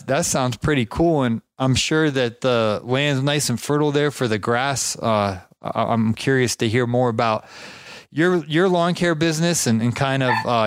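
A man's voice: mid-range voice, clear, resonant tone, no room sound. A chatty male podcast host with a drawl, talking casually and laughing at himself. His voice sits mid-range and sounds close and dry, with no room around it. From Georgia, United States. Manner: chatty, self-deprecating, frequent restarts. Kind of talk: casual interview chat.

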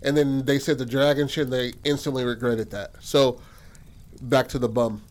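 A man's voice: medium pitch, steady tone, moderate pace. Man telling a profane, rambling story. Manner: profane, rambling, says "like" and "and shit" a lot. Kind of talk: casual spoken storytelling.

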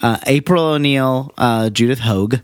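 A man's voice: mid-range voice, measured pace, smooth, no echo, clean studio sound. A man co-hosting a podcast in casual chat, rambling and joking with lots of fillers. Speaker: podcast co-host.

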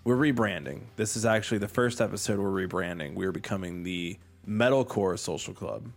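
A man's voice: on the low side, fairly quick. A man co-hosting a music podcast, joking and chatting loosely with many restarts. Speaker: podcast co-host. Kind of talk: casual podcast chat.

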